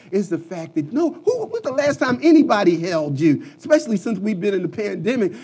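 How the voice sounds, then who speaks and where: High-voiced, impassioned male preacher. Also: slightly rough. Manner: impassioned preaching with repetitions and sudden loud peaks. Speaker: pastor. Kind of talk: sermon.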